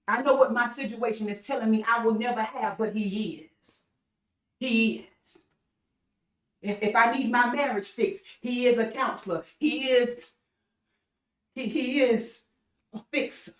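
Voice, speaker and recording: Woman preacher, online sermon, repetitive stammering build-ups, higher voice, captured from across the room. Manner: repetitive call-and-response preaching with stammered restarts. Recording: echoey room, voice from far off mic.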